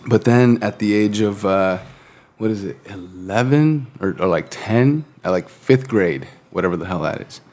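Chill guy late 20s on a podcast, kinda low voice, cusses a lot, laughs easy. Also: moderate pace, darkish tone. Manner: laid-back, swears often, laughs a lot. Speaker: podcast co-host. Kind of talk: casual podcast chat.

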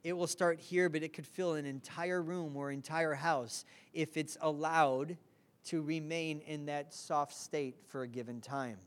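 A woman's voice: low voice, fairly even intonation, unhurried. A woman preaching a sermon, earnest and direct, who often asks the congregation to respond.

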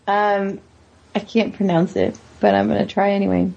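A woman's voice: mid-range voice, level tone, normal speed, vocal fry, warm tone, highs cut off. A woman co-hosting a podcast in casual chat, playful and laughing often. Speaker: podcast co-host.

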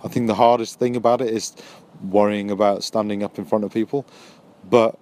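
Fairly low-pitched and darkish, this man's voice stays steady and moves fairly quickly. The new stand-up comic and podcast host chats casually late at night by a train line, thinking aloud and encouraging his listener in a friendly way.

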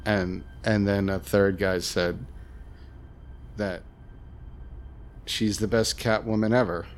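A man playing in a tabletop game, describing his character in a casual, halting way. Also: fairly low pitch, fairly even intonation. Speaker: player.

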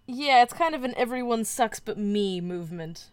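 A woman from Canada co-hosting a podcast, joking with sarcastic quips and animated stories. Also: a little high, moderate pace, clean tone, no room sound. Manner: sarcastic, jokey, animated storytelling. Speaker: podcast co-host. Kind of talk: casual chat.

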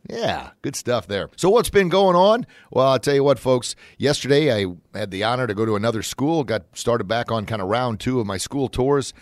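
A man of middle pitch hosts his own motivational show, talking in a folksy, energetic way. He jumps into loud, excited bursts when he acts things out. The sound is dry and close, with no room around it. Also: brisk, hardly any pauses, no echo. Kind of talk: upbeat motivational monologue.

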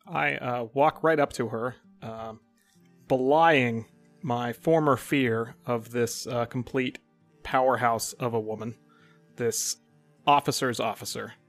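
A man narrates his character's actions at a mid pitch, wandering through fillers and restarts. Faint music plays underneath. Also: fairly even intonation, takes it slowly, a bit bright. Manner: rambling with many fillers and restarts. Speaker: player.

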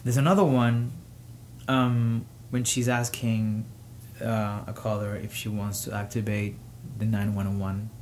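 A man hosting his own show, giving personal commentary with emotion, pausing often and rising to indignation. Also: fairly low pitch, little pitch movement, a little mellow, a little hiss or hum. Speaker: podcast host.

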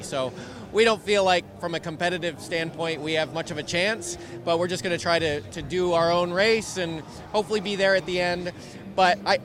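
A man, a race driver and team manager, interviewed on the grid, talking in a halting way with many repeats. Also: a little high. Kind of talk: pit lane interview. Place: on a crowded racing grid outdoors. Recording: loud crowd behind.

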